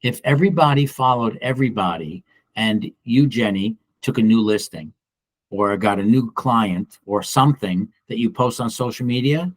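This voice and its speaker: A middle-aged real estate broker and trainer leads a casual office training session for agents, speaking bluntly and animatedly while acting out the people he quotes. His somewhat low voice moves at a moderate pace and sounds dry and close, with no echo.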